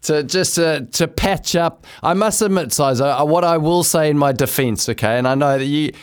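A man's voice: a little high, normal speed, smooth. A man with a New Zealand accent, a former cricketer co-hosting a sports show, joking around in casual chat. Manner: jokey, laughing easily.

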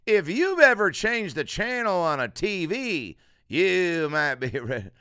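A man's voice: high voice, big pitch swings, measured pace, pushed and bright, clean tone, dry recording, studio quality, pitched above the performer's own voice, exaggerated voice. A man doing a male stand-up comic who tells redneck jokes in a drawling, building rant. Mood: mock-folksy. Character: twangy loud male redneck-joke comic.

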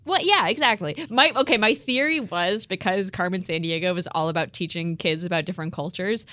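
A woman's voice: on the low side, brisk, sharp tone, no echo, studio quality. A woman hosting a podcast in casual chat, opinionated and playful as she steers the talk.

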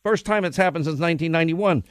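Combative talk radio host, dry sound. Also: male voice, a little high, no echo. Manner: emphatic, combative, rapid-fire. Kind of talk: political opinion talk show.

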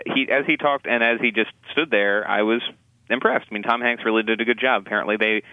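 A man with a lowish voice talks through a film review in a casual, halting way, often restarting his sentences and dropping in dry, wry asides. The sound is thin and phone-like, with no room around it. He carries the chat as a regular co-host. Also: steady tone, no room sound. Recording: tinny phone-like line, dry.

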